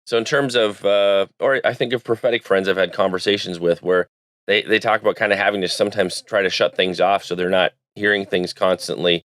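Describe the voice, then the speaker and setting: Deep-voiced man hosting a podcast. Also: fairly even intonation, a little fast, fairly bright tone, no echo, studio quality. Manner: thoughtful, searching phrasing with restarts. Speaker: podcast host. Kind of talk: interview question.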